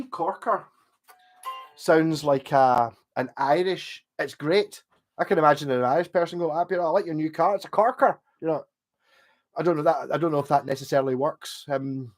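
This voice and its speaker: A man chatting casually on a livestream, rambling and swearing freely. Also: fairly high pitch. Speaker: livestream host.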